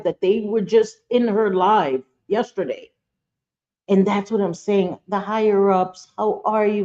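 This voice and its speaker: On a live stream, a woman with a medium-pitched, somewhat dark voice talks straight to her chat, commenting bluntly and heatedly and swearing often. The stream audio is dull and lo-fi.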